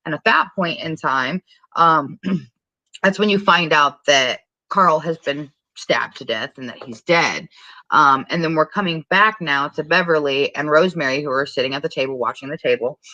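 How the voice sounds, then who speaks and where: A woman's voice: deep voice, normal speed, pushed and bright, no echo, highs cut off. A woman co-hosting a podcast, retelling a movie in a rambling, profane, casual way with frequent laughs. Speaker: podcast co-host. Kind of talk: casual movie recap chat.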